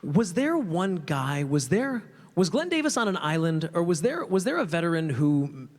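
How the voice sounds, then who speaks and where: A man hosting a live interview, chatty, leading his guest with questions and quick short affirmations. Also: a little high, sing-song. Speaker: interviewer, event host. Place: large indoor hall at a museum event. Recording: reverberant hall.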